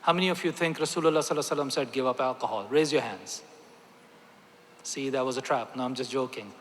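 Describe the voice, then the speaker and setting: A man's voice: medium pitch, steady tone, fast, a little hiss or hum. A man, a doctor, giving a motivational talk to a gathering, emphatic and repeating key phrases with rhetorical questions. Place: large hall with audience. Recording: echoey hall.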